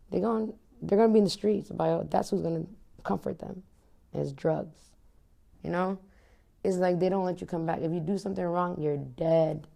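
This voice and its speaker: Gravelly low-voiced woman, blunt. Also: normal speed, dark tone. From United States. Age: 30s. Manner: blunt and impassioned, swears freely. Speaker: interview guest. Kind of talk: candid conversational interview.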